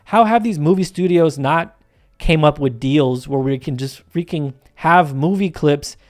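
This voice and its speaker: Off camera, a YouTube channel host with a fairly high, unhurried male voice talks casually over gameplay. His delivery is rambling and emphatic, full of restarts and fillers, recorded on a home voice-over mic.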